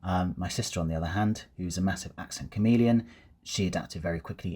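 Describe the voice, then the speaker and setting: A man's voice: low voice, fast, a little mellow, husky. A man with a Received Pronunciation accent, from England, rambling casually and reflectively with lots of ums and uhs. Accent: English Received Pronunciation. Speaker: vlogger. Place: outdoors on a dog walk.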